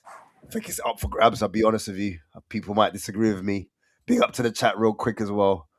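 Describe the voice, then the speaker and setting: A man's voice: lowish voice, steady tone, a little fast, dry recording. A man hosting a casual, slangy football fan chat and often laughing. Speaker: host.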